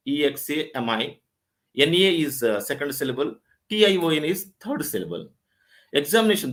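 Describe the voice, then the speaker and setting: A middle-aged man with an Indian English accent giving an English lecture in a webinar, explaining step by step and repeating key points. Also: a little high.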